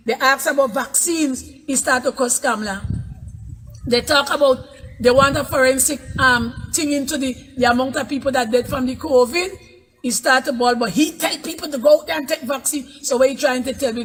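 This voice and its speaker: A woman's voice: high voice, fairly bright tone, slightly rough. A woman with a Trinidadian accent calling in to a talk show, scolding and indignant. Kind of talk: angry call-in rant.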